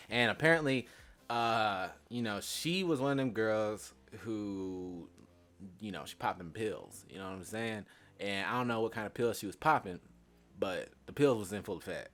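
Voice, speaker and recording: A young man telling a comic story in a casual, slangy, profane way, acting out each exchange and swinging from loud bursts to hushed asides. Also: on the low side, moderate pace. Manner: animated, acts out voices, swings from loud to hushed, laughs through lines.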